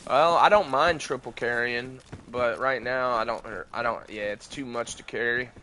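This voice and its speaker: A man's voice: mid-range voice, fairly even intonation, moderate pace, pushed and bright, slight background noise, poor audio. A young man chatting casually while streaming a game, rambling and swearing freely. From United States. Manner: loose, rambling, frequent swearing. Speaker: livestreamer. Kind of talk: casual gaming livestream chat.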